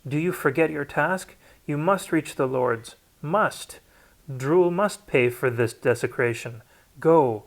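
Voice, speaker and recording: A man's voice: a little high, takes it slowly, gravelly, pitched above the performer's own voice. A man voicing a hulking male fighter with an iron, furious, commanding voice in a read-aloud story. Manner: commanding, fierce.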